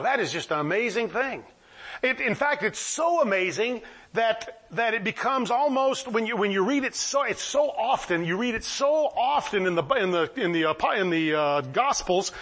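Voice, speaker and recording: Animated husky-voiced male preacher. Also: high voice. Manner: animated, acts out the people in the stories. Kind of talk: sermon, storytelling.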